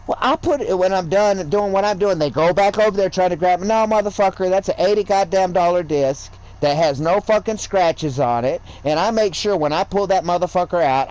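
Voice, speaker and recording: A man rambles through a casual gaming livestream, lecturing and swearing freely as he goes. His speaking voice sits high for a man. The delivery is loose and conversational. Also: darkish tone, low-quality recording. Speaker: gaming streamer.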